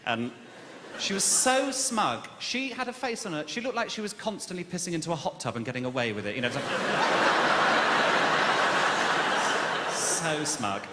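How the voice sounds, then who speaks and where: A camp, self-mocking man tells stand-up stories, his voice bouncing up and down in pitch. He is on a comedy club stage, heard through a long, roomy reverb with loud crowd ambience behind him. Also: big pitch swings, brisk, heavy background noise. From Birmingham, England. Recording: echoey live room with long reverb. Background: loud audience ambience.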